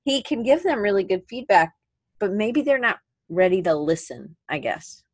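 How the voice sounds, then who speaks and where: A woman's voice: medium pitch, sing-song, normal speed, a little mellow, no room sound. A woman co-hosting a podcast in casual chat, rambling and correcting herself as she talks. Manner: chatty, rambling, self-correcting. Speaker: podcast co-host.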